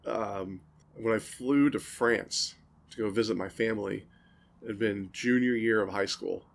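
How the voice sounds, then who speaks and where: A man's voice: on the low side, unhurried, creaky. A man co-hosting a podcast, telling long, rambling stories and laughing at them in casual chat. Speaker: podcast co-host.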